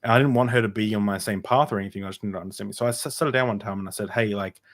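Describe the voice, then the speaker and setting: A man's voice: lowish voice, very fast. A man talking as a podcast guest, telling his personal story in a casual, rambling way with many fillers and restarts.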